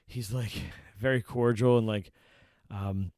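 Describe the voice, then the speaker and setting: A man with a fairly low, slightly mellow voice speaks slowly in a steady tone, recorded in clean studio sound with no room echo. He's co-hosting a podcast, chatting casually, rambling and swearing freely, and he quotes characters using put-on voices.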